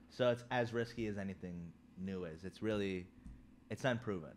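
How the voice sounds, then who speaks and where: A man's voice: deep voice, moderate pace, a little hiss or hum. A man co-hosting a casual podcast, explaining insistently and repeating his point. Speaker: podcast co-host.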